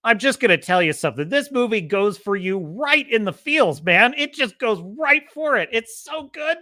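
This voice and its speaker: Bright-voiced guy ranting about movies, swears a lot, dry close sound. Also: sits high, sing-song, normal speed, dry recording. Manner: impassioned, profane ranting. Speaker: podcast host. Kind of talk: casual movie commentary.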